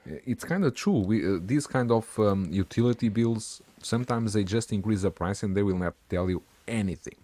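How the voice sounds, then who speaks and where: A man co-hosting a casual livestream chat, speaking haltingly with frequent restarts. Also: lowish voice, dark tone, no echo. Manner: halting, restarts often, asks questions. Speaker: co-host.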